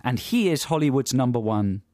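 A man's voice: medium pitch, expressive, moderate pace, a little mellow, dry recording, clean studio sound. Enthusiastic man telling a story. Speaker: podcast co-host. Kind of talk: casual comedy chat.

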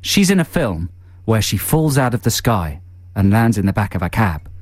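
A man hosting a comic radio show, teasing and mock-bossy in quick banter. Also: lowish voice, very animated, a little mellow, dry recording, studio quality. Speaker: radio host. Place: radio studio.

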